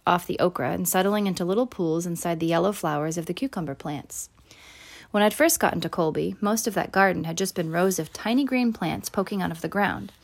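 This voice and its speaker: A woman reading a first-person children's novel aloud, lifting her voice for the characters' lines. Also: creaky. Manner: voices characters with raised pitch and louder quotes. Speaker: audiobook narrator. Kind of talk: first-person storybook narration.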